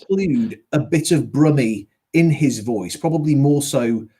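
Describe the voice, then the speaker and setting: A man's voice: mid-range voice, normal speed, over a noisy crowd. A man who narrates audiobooks, chatting casually and hesitating with many ums as he recalls details. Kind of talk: casual conversation.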